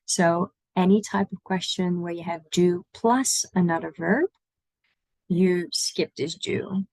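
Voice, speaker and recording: Gravelly woman teaching Dutch words slowly. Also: lowish voice, a little mellow, no room sound, poor audio. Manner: models Dutch words slowly and repeats them. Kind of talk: online language lesson.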